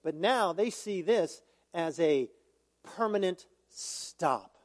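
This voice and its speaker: High-voiced preacher in a reverberant hall. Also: male voice, expressive, slow pace. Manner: conversational preaching with asides and humor. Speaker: pastor. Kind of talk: sermon.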